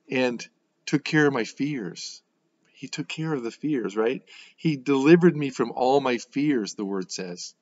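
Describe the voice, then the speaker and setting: A man walks through scripture in a relaxed, conversational way, thinking aloud and tossing in quick "right?" asides. His voice sits at an ordinary middle pitch. The recording sounds slightly muffled and dull. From United States. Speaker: host giving a Bible devotional. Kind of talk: informal devotional teaching.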